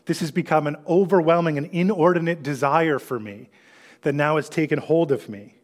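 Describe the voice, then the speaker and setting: A man's voice: fairly high pitch, a little fast. A middle-aged man giving a conversational sermon as pastor, with frequent fillers and repeated words.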